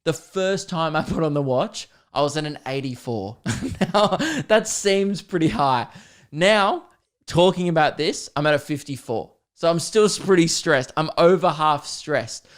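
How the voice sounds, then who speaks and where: Young aussie guy ranting on his podcast, kinda high voice, swears nonstop, laughs, gets loud and fed up. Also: measured pace, smooth. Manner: swears a lot, laughs and jumps to loud exasperated outbursts. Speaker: podcast host. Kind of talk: comedic rant.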